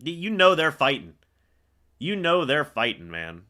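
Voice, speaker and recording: A young man hosting a live fan reaction stream, calling the plays as he watches and getting excitable on big moments. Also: fairly high pitch, unhurried. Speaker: fan livestream host.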